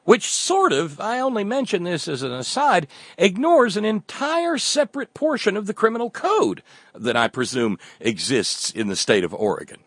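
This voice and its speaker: A man's voice: sits high, sing-song, normal speed, fairly bright tone, slightly rough, no echo. A man delivering a sarcastic satirical monologue as a commentator, often restarting his words.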